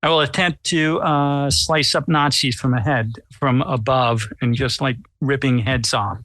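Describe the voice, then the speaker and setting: Male player, unhurried delivery, bright edge, dry close sound. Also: mid-range voice, fairly even intonation, dry recording. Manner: deliberate, slow, wry. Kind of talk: describing his character's actions in a tabletop game.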